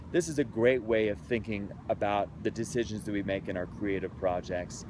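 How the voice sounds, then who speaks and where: A man's voice: fairly low pitch, steady tone, normal speed, hardly any pauses, darkish tone, a little hiss or hum. A man in his thirties, a creativity speaker, telling a personal story in an earnest, heartfelt, conversational way outdoors in a city.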